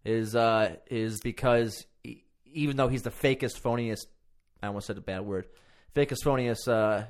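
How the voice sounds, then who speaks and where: A man's voice: mid-range voice, moderate pace. A man co-hosting a casual podcast, rambling and swearing freely as he talks, with plenty of restarts and self-mockery. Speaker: podcast co-host. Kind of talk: casual profane political chat.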